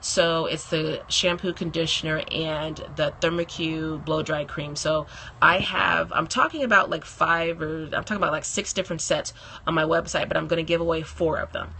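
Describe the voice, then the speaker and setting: A woman's voice: sits low, steady tone, normal speed, bright, forceful tone, a little hiss or hum. A woman hosting a casual live stream from her phone, chatting and laughing often and greeting viewers by name.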